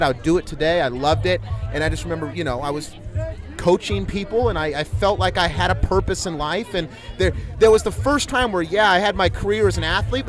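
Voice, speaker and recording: Man, animated storyteller, outdoors at a competition, music playing behind. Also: on the high side. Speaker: weightlifter guest. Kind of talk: casual storytelling interview.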